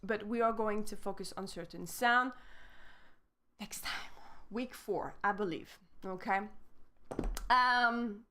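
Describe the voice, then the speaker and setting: A woman's voice: medium pitch, slow pace, long pauses, bright, forceful tone. A woman with a French accent, a native French speaker, teaching a casual live-stream lesson and explaining step by step in chatty English with small grammar slips.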